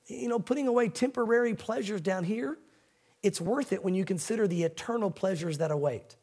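A middle-aged man preaching a sermon as a pastor, talking in a relaxed, folksy way. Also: sits high, fairly quick. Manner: conversational, folksy preaching with quoted voices.

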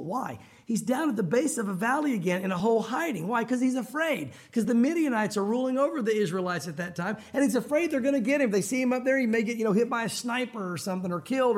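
High-voiced animated male preacher. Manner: conversational, animated preaching with acted quotes. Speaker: pastor. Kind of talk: sermon.

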